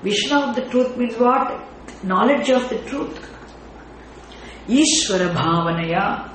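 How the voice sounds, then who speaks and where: A teacher giving a scripture class, explaining terms deliberately, checking in with the class through rhetorical questions and now and then chanting words in a sing-song way. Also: mid-range voice, animated, a bit bright, a little hiss or hum. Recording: very echoey room with faint ambience.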